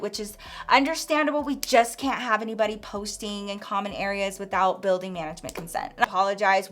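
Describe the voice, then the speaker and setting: Woman storyteller for a casual vlog, bright voice, chatty and animated, acts out the quotes. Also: mid-range voice. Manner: says "girl" and "like" often.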